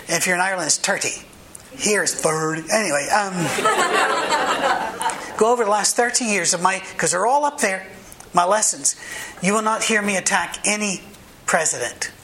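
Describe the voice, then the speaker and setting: A man's voice: high-pitched, bright, forceful tone, slight background noise, low-quality recording. A man pastor delivering a sermon, mixing humorous anecdotes and asides with short, emphatic commands.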